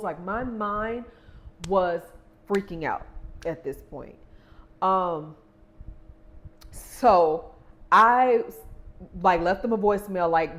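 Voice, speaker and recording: A woman's voice: on the low side, expressive, takes it slowly, long pauses. A young adult woman vlogging, casually retelling a stressful moving story and acting out the quoted exchanges.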